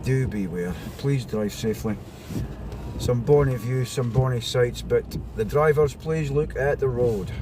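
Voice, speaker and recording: A Scottish man with a medium-pitched, unhurried voice chats casually on a phone live-stream, greeting his viewers over and over as he drives and then walks out into the snow. It's captured on a mobile phone mic, with road and car noise in the background.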